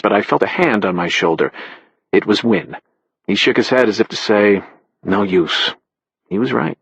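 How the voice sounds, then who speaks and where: A man narrating a thriller audiobook in the first person, in a measured, matter-of-fact way. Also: fairly low pitch, fairly bright tone, husky, no room sound, highs cut off.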